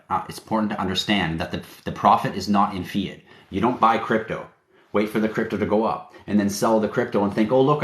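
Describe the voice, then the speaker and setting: Low-voiced man, confident livestream host. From Canada. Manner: emphatic, confident, preachy. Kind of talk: casual livestream talk. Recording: roomy echo.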